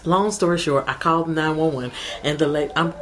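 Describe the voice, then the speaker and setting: A young mother talks to her camera in a fairly low voice, rambling through a story and acting out what everyone said. Her words run together as the telling gets more emotional. A faint hum of room ambience sits behind her. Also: brisk. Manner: rambling, emotional retelling with quoted dialogue. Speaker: family vlogger.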